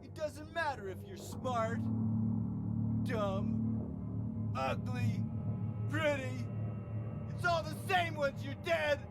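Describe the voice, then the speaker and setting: An actor playing a resentful heavyset young man in a video game cutscene, bitter and menacing. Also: very high voice. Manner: resentful, menacing, slow and brooding. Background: game soundtrack music.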